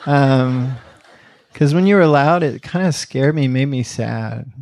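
A man voicing a three-year-old girl who is apologetic and earnest, with a soft, slightly raised voice. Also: mid-range voice, slow pace, some chatter behind.

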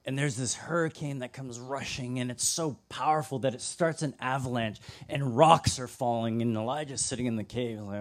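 Animated young male preacher telling stories. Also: mid-range voice, moderate pace. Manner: animated storytelling, acts out voices, drops to a hush. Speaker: pastor. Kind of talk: sermon.

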